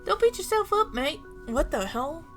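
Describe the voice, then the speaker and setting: A bright, high-pitched little pirate captain, cocky and full of sailor slang, as a woman streamer puts him on. He talks big for a kid, from a story-driven video game. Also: very animated, moderate pace, soft background music. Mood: boastful. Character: cheeky young pirate boy captain.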